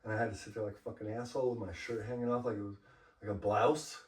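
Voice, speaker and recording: A man's voice: lowish voice, level tone, quick pace. A man from Los Angeles, a graffiti artist guest, telling stories in a laid-back, profane way full of "you know.". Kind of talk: casual storytelling interview. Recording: roomy, mic far off.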